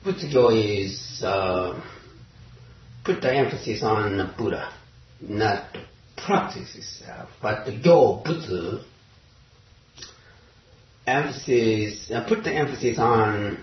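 Man, Zen talk, slow hesitant delivery, dull lo-fi recording. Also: on the low side, lively intonation. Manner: halting, many pauses and fillers, searching for words. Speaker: Zen teacher. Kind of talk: dharma talk. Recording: roomy, distant, dull lo-fi recording.

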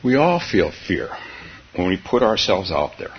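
A man giving a relaxed dharma talk, his low voice gravelly and swinging widely in pitch. He speaks softly and haltingly, breaking into small laughs between phrases. The recording is dull and faintly hissy. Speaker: meditation teacher.

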